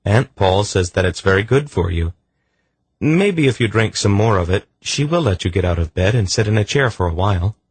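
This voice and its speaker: A man voicing a patient, gently stubborn young man in an audiobook, in a mild, bland tone. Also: fairly low pitch, expressive, moderate pace, breathy edge, dry recording, voice pushed up. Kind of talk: audiobook character voice.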